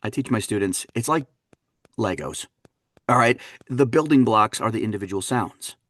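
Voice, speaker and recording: A man, an actor and dialect coach, telling lively stories in a casual interview and acting out what others said. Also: fairly low pitch, normal speed, no echo. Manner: animated storyteller, acts out quotes, laughs often. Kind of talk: conversational interview.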